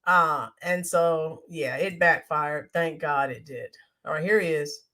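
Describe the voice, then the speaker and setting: With a deep, pushed and bright voice and an unhurried pace, this livestream commentary host reads out viewer comments. She's indignant and emphatic, delivering the quotes mockingly.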